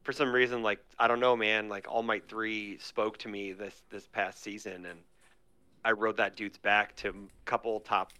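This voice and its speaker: A man co-hosting a podcast, rambling excitedly with lots of fillers in casual chat. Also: on the low side, normal speed, clear, resonant tone. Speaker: podcast co-host. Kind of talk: casual chat about a card game.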